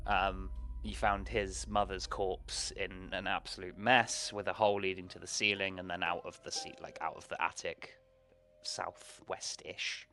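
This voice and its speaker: Game master, male, very low voice, laid-back rambling recap, soft music bed underneath. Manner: casual, loose recap with restarts and swearing. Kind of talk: recapping and running a tabletop game.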